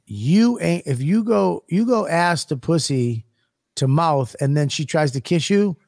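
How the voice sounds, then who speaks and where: A man's voice: a little high, expressive, a little slow, vocal fry, darkish tone. A man co-hosting a podcast, trading brash, profane jokes in casual banter. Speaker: podcast co-host. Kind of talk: crude comedic banter.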